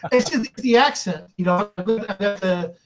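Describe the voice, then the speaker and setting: A man's voice: high-pitched, poor audio. A man with a Texan American accent in casual group chat over a video call, joking and laughing often. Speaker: guest chatter on a live art stream.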